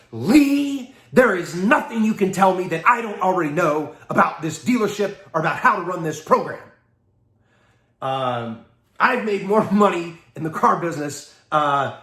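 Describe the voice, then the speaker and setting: A man from Texas giving a seminar talk, telling a story with lively acted-out dialogue and frequent laughs. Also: mid-range voice. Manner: animated, acts out quoted dialogue, laughs often. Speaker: seminar speaker. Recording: echoey room.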